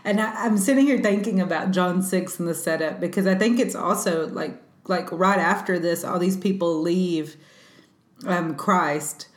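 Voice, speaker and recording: A woman co-hosting a faith discussion, chatty and animated, with lots of fillers. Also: lowish voice, normal speed. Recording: echoey room.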